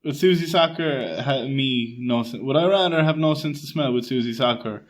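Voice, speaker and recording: A man co-hosting a comedy podcast with deadpan, quick retorts. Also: mid-range voice. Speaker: podcast co-host. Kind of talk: casual comedy chat.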